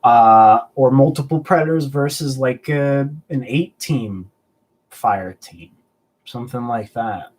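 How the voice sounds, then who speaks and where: A man's voice: mid-range voice, slow. A man hosting a casual live stream, joking around and answering viewer chat in a rambling way. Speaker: host of a collectibles live stream.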